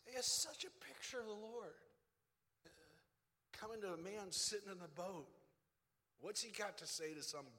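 A man preaching a sermon as a pastor, animated, sometimes dropping to a hushed whisper. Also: high-pitched. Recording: preached in a reverberant hall.

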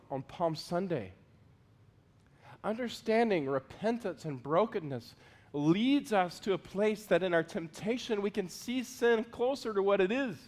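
A man preaching a sermon as pastor, earnest, moving between loud pleading prayers and quiet asides. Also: sits high. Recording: long hall reverb.

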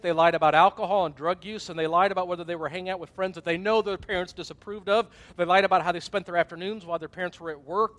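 Pastor, middle-aged man, high voice, chatty sermon delivery with acted-out asides. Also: a bit bright. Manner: conversational preaching, acted-out asides and gasps.

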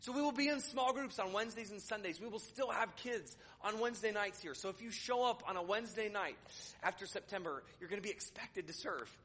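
Pastor, male, sermon delivery: bright forceful tone, a little husky, casual and wry, stops and restarts often. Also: high voice, a little fast. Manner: conversational with sarcastic humor, hesitant restarts. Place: church.

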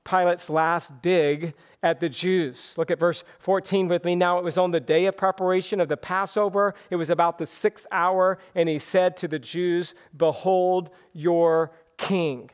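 A man with a higher-than-usual voice preaches a sermon. His tone is clear and resonant. He is earnest and deliberate, slowing down to lean on each point. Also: fairly even intonation. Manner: earnest preaching, slows for scripture and emphasis. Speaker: pastor.

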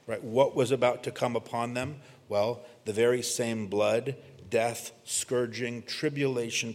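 Man preaching in an echoing hall. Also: darkish tone. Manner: earnest expository preaching, rising for emphasis, dropping low for scripture quotes. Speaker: pastor. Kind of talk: sermon. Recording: long hall reverb.

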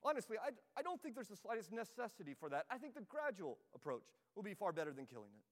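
Evasive, flustered male ghost, voiced by a man reading aloud, high voice, hall reverb. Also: very animated, fast talker. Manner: hedging, evasive, politely flustered. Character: dithering, excuse-making male ghost from hell.

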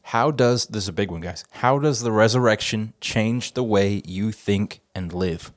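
A man's voice: lowish voice, moderate pace, no echo. A man hosting a casual church podcast from an office studio, chatty and rambling and ready to laugh at himself. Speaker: podcast host.

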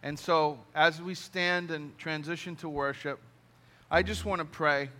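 A man's voice: fairly high pitch, steady tone, measured pace, pushed and bright. A man preaching a heartfelt sermon and leading a closing prayer, earnest, often repeating words and restarting phrases. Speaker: pastor.

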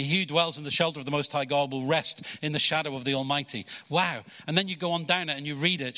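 Male pastor, high-ish bright voice, conversational sermon in a hall with long reverb. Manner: conversational preaching, acts out quotes, repeats words. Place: church hall.

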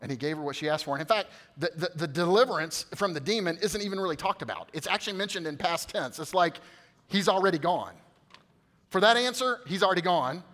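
High, bright-voiced preacher man. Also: expressive, fast. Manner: swings from loud emphatic peaks to quiet hushed asides; addresses the congregation directly, coaxing responses. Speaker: pastor. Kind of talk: sermon.

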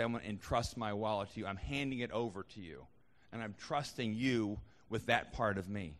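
A man's voice: on the low side, fairly bright tone, long reverb tail. A man preaching a sermon as a pastor, conversational, with frequent restarts and fillers.

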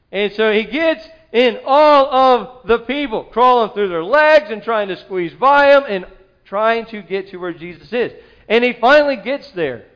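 A man preaching a sermon, telling the story with animated delivery and acting out the quoted voices. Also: sits high, muffled recording. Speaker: pastor.

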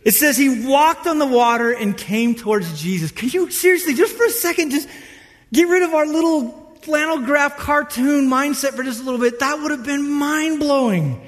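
A pastor with a notably high voice preaches in a large hall whose long reverb trails after each phrase. He tells the story with lively, playful energy. He slips into the voices of the people in it. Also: normal speed. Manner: animated storytelling, acts out disciples' voices. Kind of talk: sermon.

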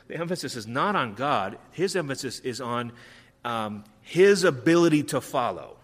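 A man's voice: mid-range voice, animated, normal speed. A middle-aged man preaching a sermon as pastor, conversational with frequent ums, acting out quoted lines. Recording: long reverb of a large hall.

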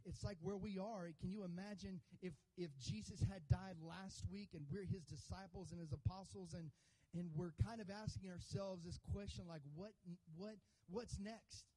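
High-voiced male pastor preaching. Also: fairly even intonation, moderate pace, rough recording. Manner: builds to loud emphatic preaching with call-and-response; conversational asides with humor. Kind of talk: sermon. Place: church sanctuary.

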